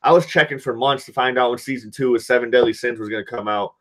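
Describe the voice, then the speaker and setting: A podcast host chatting casually about a movie, rambling excitedly and swearing a lot. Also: male voice, mid-range voice, fast talker, noisy background. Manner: excited, profane, rambling recap.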